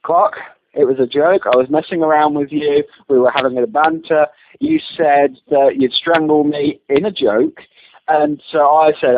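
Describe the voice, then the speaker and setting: A man's voice: on the high side, moderate pace, dry recording. A man in a casual argument, defensive and stammering with many restarts. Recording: tinny phone-like line, faint hiss.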